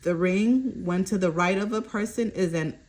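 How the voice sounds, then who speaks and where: A woman's voice: lowish voice, normal speed, darkish tone. A woman doing a collective fortune card reading, reading card meanings aloud, stumbling over words and checking in with "okay?". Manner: repeats "okay?" to check in with viewers. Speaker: tarot reader.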